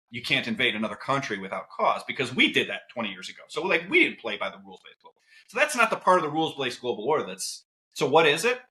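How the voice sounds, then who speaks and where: A man who is a podcast guest, talking casually and telling stories with quick asides. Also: medium pitch. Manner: animated, lively storytelling with quick asides.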